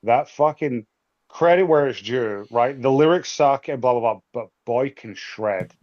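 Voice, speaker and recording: A man's voice: medium pitch, animated, unhurried, a little mellow, lo-fi sound. A man co-hosting a podcast, swearing freely and talking emphatically. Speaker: podcast co-host. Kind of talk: casual chat.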